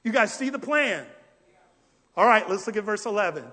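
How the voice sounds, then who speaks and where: Male pastor, high bright voice, lively sermon style, long church reverb. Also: moderate pace. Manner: animated, rhetorical questions, acts out scenes. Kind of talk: verse-by-verse sermon. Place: church sanctuary.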